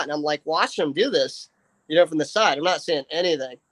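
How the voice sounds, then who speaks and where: Fairly high in pitch and a little quick, this man's voice comes through with no room sound. He's chatting casually on a livestream, spinning a long, rambling story packed with fillers and restarts while animatedly voicing what his friends said.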